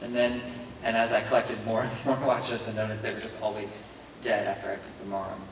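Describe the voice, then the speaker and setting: A man's voice: on the low side, monotone, fairly quick. A man answering fan questions at a convention panel, rambling and self-deprecating with frequent chuckles. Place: large convention hall. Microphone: handheld mic, heard from a distance. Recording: echoey hall from far off, noisy.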